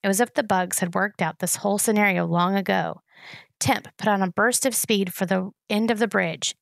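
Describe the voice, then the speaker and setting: Gravelly-voiced woman reading a novel. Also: medium pitch, no echo, clean studio sound. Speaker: reader. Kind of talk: reading a novel chapter aloud.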